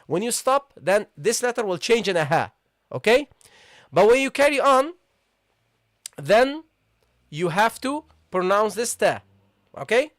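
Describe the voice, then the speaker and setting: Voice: medium pitch, very animated, a little slow, long pauses, no echo, clean studio sound. Patient teacher who keeps saying okay. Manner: patient, repeatedly checks in with "okay?" and "guys"; repeats key points and asks the class questions. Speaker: Arabic teacher. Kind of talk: live online language lesson.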